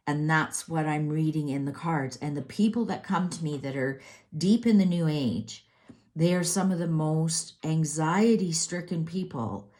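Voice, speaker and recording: A woman's voice: low voice, unhurried, a little mellow. A middle-aged woman doing a tarot reading, ranting in a heated, exasperated way with many restarts. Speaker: tarot reader.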